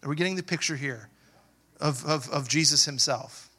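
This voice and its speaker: A man preaching a sermon as pastor, asking the congregation questions and building to loud, emphatic passages. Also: on the high side, normal speed, husky.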